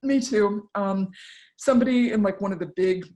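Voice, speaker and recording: A woman's voice: medium pitch, normal speed, warm tone. A woman giving a talk to an online audience from home, candid and conversational, with fillers and asides, voicing the people she quotes. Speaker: invited speaker.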